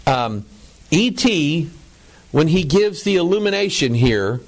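A man's voice: a little high, very animated, slow pace, vocal fry. A middle-aged man preaching a lecture to a broadcast audience, stressing words by drawing them out and often repeating himself. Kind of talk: preaching lecture over images.

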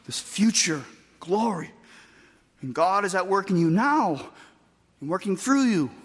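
A man preaching a sermon with emphatic delivery, moving between loud bursts and quiet, soft passages. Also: high voice, big pitch swings, a little slow, slightly rough, long reverb tail. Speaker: pastor.

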